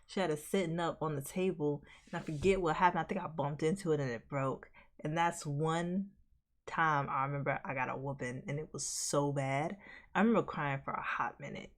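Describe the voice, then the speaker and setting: A woman's voice: low-pitched, brisk. A woman streamer reacting to a video, chatting casually and telling rambling stories.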